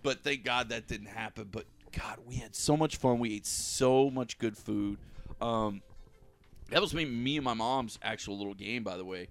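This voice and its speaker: At medium pitch and normal speed, a male podcast co-host tells his friends a long story full of swearing. He laughs throughout and acts out what everyone said.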